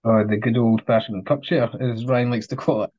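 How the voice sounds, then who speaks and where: A man's voice: medium pitch, fairly even intonation, moderate pace, a little mellow. A Scottish man and wrestler, a podcast guest, giving laid-back, jokey short answers. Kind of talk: casual chat. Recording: dull lo-fi mic.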